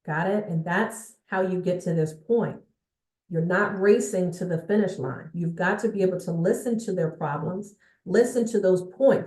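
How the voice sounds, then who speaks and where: In an echoey room with a bookshelf at her back, a woman gives viewers a motivational sales coaching talk. Her voice is fairly low and mellow, and she speaks emphatically, often checking in with her audience.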